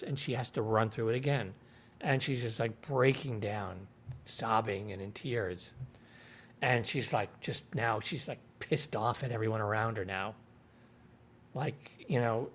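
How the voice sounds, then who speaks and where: A man's voice: medium pitch, fairly bright tone, a little hiss or hum. A man hosting a livestream, casually retelling a TV episode in a rambling way and quoting the characters. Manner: rambling retelling with quoted voices. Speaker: show reviewer.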